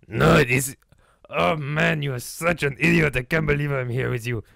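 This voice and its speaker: A man's voice: a little high, moderate pace, dry recording. A man playing a rude, hot-headed Belgian film director with a put-on Belgian accent, in a comedy sketch interview. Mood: scornful. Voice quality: creaky, gravelly. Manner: insulting, bickering, excitable.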